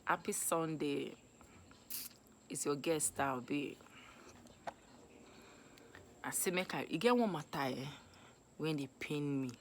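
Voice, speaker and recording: A young woman with a Nigerian accent giving animated, scolding advice in a casual vlog. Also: low voice, slow pace, pauses often, a little hiss or hum. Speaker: vlogger. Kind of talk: casual Pidgin advice monologue.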